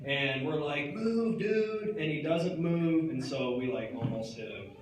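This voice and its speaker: A man's voice: mid-range voice, measured pace, soft background music. A young man performing a comic stage monologue, rambling in slacker talk full of "like" and "dude". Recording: echoey hall picked up from far off.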